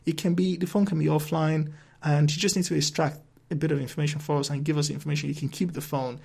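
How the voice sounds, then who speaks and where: Male podcast host with a raspy, fairly high voice, ranting off the cuff and swearing freely. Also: level tone, fast talker, darkish tone. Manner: ranting, profane, rambling with restarts. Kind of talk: solo podcast rant.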